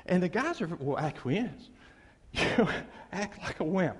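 A male pastor delivers an emphatic, animated sermon. His voice sits high and leaps around a lot. The big hall he preaches in leaves a long, ringing reverb. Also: slow pace, slightly rough. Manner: animated, emphatic, acts out quotes.

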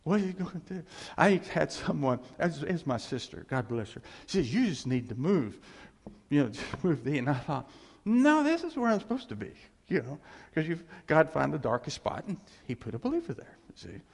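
Male pastor, animated casual sermon, echoing sanctuary sound. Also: on the high side, moderate pace, gravelly, husky. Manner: animated, conversational, acts out quoted voices. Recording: long reverb of a hall.

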